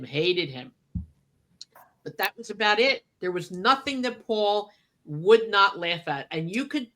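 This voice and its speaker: A woman co-hosting a radio show, telling stories in casual chat and acting out the quotes. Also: medium pitch. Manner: animated storyteller, acts out quotes. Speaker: radio co-host.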